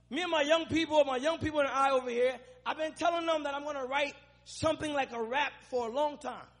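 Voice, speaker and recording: A young man from Africa preaching a sermon to young people, impassioned and breaking into shouts. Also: very high-pitched. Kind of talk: sermon with spoken-word poem.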